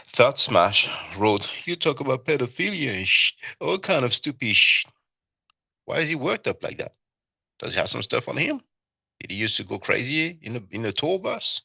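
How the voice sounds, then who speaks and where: A man hosts a commentary stream in a steady, measured way. His voice is very deep and gravelly, with a sharp, bright edge. The recording is dry and dull. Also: no room sound. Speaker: commentary channel host. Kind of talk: video commentary, reading viewer comments.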